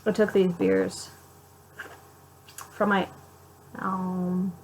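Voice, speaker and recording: A woman's voice: fairly low pitch, flat delivery, extremely slow, a little mellow, slight background noise, low-quality recording. A young woman talking straight to her viewers in a confessional vlog, raw and emotional, swearing a lot, repeating herself and breaking off mid-sentence. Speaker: vlogger.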